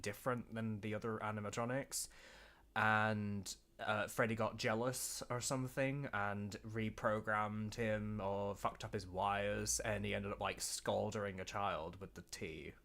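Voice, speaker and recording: Casual streamer, English man, northern-southern accent mix, self-mocking, lowish voice. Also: gravelly, fairly bright tone. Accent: mixed northern and southern English. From England. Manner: laughing, self-mocking, sweary. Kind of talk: casual reaction commentary.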